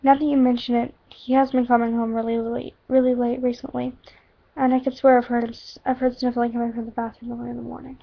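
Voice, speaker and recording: A woman's voice: on the high side, flat delivery, fast, gravelly. A woman reading the blunt, questioning lines of a curious teenage girl, on a dull lo-fi recording. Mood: concerned.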